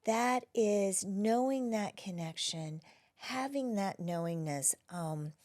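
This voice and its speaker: A woman who is a wellness practitioner, talking gently and reflectively as an interview guest, often dropping to a soft near-whisper. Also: mid-range voice, animated, takes it slowly. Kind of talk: casual interview conversation.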